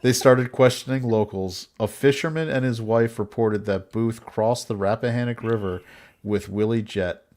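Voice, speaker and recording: A man with a fairly low voice tells a historical story on a casual podcast. He breaks into laughter and jokes between the facts, keeping it loose and chatty. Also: fairly even intonation, moderate pace, a little mellow. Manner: laughs often, jokey asides between narration. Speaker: podcast host narrating history. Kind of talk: casual comedic podcast chat.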